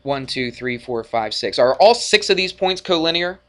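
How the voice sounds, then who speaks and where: A male math teacher lecturing a class in a classroom, energetic and jokey, often checking in with the students. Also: on the high side, normal speed. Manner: energetic, jokey, asks frequent check-in questions.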